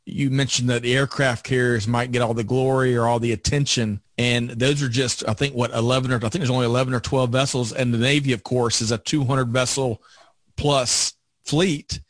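A man hosting a veterans podcast, asking long, measured questions of his guest. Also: mid-range voice, little pitch movement, dry recording. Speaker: podcast host. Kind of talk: interview questions.

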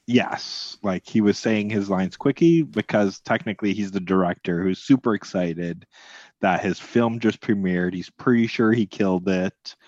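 A man co-hosting a film podcast, easygoing and measured in casual chat. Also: fairly low pitch, darkish tone, no echo, highs cut off. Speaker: podcast co-host.

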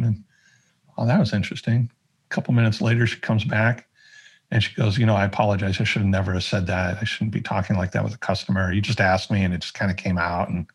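Brief: low, husky male guest, earnest storyteller who acts out quoted voices. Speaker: podcast guest. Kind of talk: conversational storytelling.

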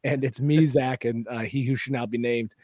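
A man co-hosting a comedy podcast, telling stories in a casual, animated way and acting out the voices of people he quotes. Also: medium pitch, moderate pace, no echo, studio quality. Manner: animated storytelling, acts out quotes. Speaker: podcast co-host.

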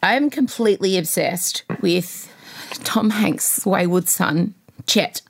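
A woman co-hosting a casual pop culture chat, gossipy and excitable, laughing often. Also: mid-range voice, slow, vocal fry, a little hiss or hum. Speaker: podcast co-host.

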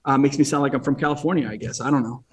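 A man's voice: mid-range voice, steady tone, rapid-fire, husky, distant mic. A middle-aged man from New England, talking as an interview guest in a rambling way, with many restarts and fillers. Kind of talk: casual interview chat.

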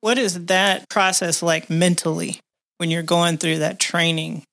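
A woman interviewer asking calm, curious questions. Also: fairly low pitch, measured pace, gravelly.

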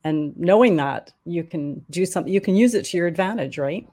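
A woman's voice: lowish voice, expressive, a little fast, mellow. A woman hosting a conversational interview, friendly and curious, asking her guest questions. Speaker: podcast host.

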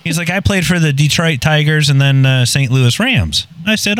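A man's voice: a little high, moderate pace, hardly any pauses, a bit bright, no room sound. A man casually telling a long anecdote, blunt and profane and poking fun at himself. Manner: blunt, profane, self-mocking. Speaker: podcast guest telling a story. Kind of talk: casual storytelling.

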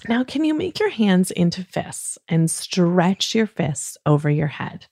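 A woman hosting a children's bedtime podcast, talking in a soft, soothing, gentle way. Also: lowish voice, big pitch swings, no room sound. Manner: soft, slow, soothing, playfully acts out yawns. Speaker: host of a kids bedtime podcast.

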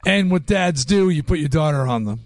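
A man being interviewed as a guest musician, telling stories in a lively way and acting out what people said. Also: fairly high pitch, a little fast, gravelly, dry recording. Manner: animated storyteller acting out quotes. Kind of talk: casual interview storytelling.

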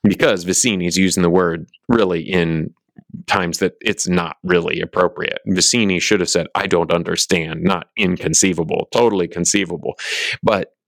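A very deep, gravelly male voice giving a teaching talk in a loose, rambling way. He jokes at his own expense and keeps restarting his sentences. The sound is close and dry. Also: fairly even intonation, normal speed, dry recording. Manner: rambling, self-deprecating, frequent restarts.

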